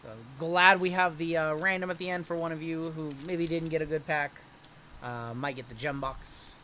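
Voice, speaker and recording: A man hosts a live card break, talking casually and reacting with upbeat energy as each pack opens. His voice is bright and forceful and sits a touch high. Faint ambient noise sits under the talk. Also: fairly even intonation. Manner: chatty, upbeat, and quick to react to pulls.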